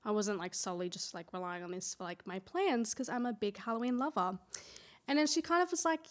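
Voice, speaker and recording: A woman's voice: medium pitch, animated, brisk. A woman, co-hosting a podcast in rambling casual chat, fighting a cough. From Australia. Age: 20s. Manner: chatty, rambling, many fillers. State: has a cough. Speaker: podcast co-host.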